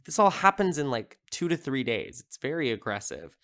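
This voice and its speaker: A man's voice: medium pitch, sing-song, moderate pace, a bit bright. A man hosting a podcast, casually recapping a horror film in a rambling, amused way, with lots of filler words. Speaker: podcast host.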